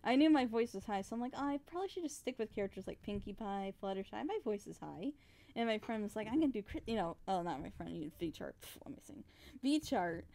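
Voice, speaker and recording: A woman's voice: medium pitch, lively intonation, fast, creaky, dark tone. A young woman voice actor chatting casually on a drawing stream. She laughs often and acts out what people said.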